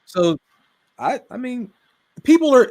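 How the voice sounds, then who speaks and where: A young man from Pittsburgh with a Pittsburgh accent, chatting casually as a podcast guest, slangy and relaxed, often trailing off quietly. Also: very high voice, slow. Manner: relaxed, slangy, drifts quieter at phrase ends. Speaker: guest gamer and streamer.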